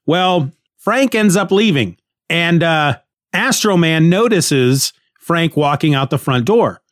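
A man's voice: on the high side, lively intonation, slow pace, dry recording, studio quality. A man retelling a comic book story in a casual, rambling way, with frequent restarts and chuckles.

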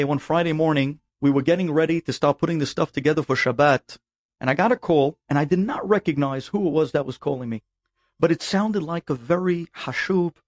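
A man, a rabbi, tells a personal story for a podcast in an animated, emphatic way, acting out the dialogue. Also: a little high, no echo.

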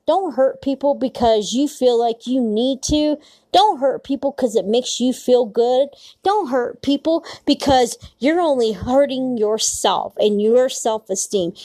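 A woman delivering an angry, blunt, profane personal rant as a solo podcaster. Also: on the high side.

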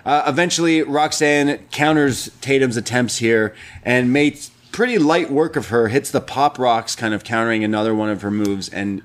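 A man's voice: mid-range voice, normal speed, hardly any pauses. A man co-hosting a casual wrestling review, walking through matches move by move with loose fillers. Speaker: wrestling show co-host.

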